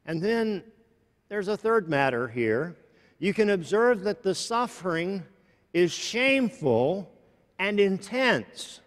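A man preaching a sermon slowly and deliberately, often restarting his phrases. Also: high-pitched, very animated. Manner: slow, deliberate, with many restarts. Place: large church. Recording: long church reverb.

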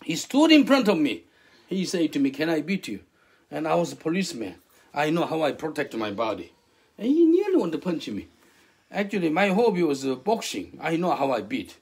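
Animated husky male preacher, high voice. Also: a little fast. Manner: animated, questions the listeners, broken English. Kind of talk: interactive sermon.

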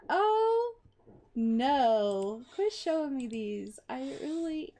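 A young woman chatting over a life-sim game, excitable, exclaiming and laughing at what happens on screen. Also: high-pitched, very slow, soft background music. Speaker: gaming YouTuber. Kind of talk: casual game commentary.

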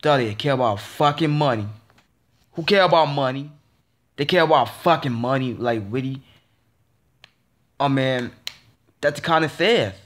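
A man's voice: mid-range voice, normal speed, pauses often, a bit bright. A man vlogging a frustrated, casual rant, repeating himself and stammering through restarts. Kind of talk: ranting casual monologue.

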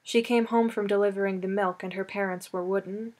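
A woman reading a novel aloud as an audiobook, in measured, steady storytelling narration. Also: medium pitch. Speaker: audiobook reader. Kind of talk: scripted narration.

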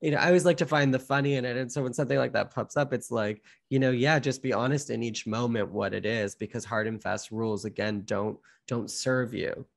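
A man's voice: medium pitch, steady tone, brisk, gravelly, few pauses. A young man speaking as an interview guest, earnest and reflective, often saying "like" and "you know". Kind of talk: candid conversational interview.

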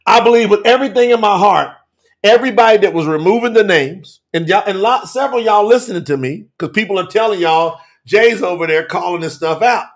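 A man preaching an emphatic, folksy sermon, repeating himself and dropping to a low murmur for effect. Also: fast. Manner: emphatic, repetitive, folksy and direct, with sudden drops to a low murmur. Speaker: preacher teaching scripture. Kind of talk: fiery sermon to a live stream audience.

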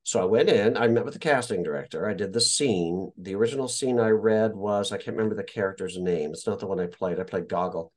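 A man's voice: on the low side, fast, few pauses, a little mellow. A man from Indiana, an actor and guest, telling stories casually in an interview, swearing freely and acting out the voices of people he quotes.

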